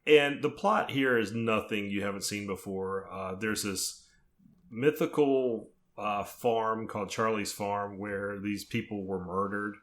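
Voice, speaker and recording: A man co-hosting a horror podcast, walking through film plots in a steady, casual chat. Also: on the low side, measured pace. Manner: steady, methodical plot summaries. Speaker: podcast co-host.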